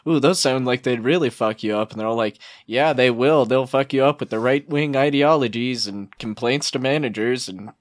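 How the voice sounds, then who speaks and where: A man's voice: mid-range voice, normal speed, few pauses, dry recording, studio quality. A man on a casual podcast, laughing and telling stories with profanity. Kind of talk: casual chat.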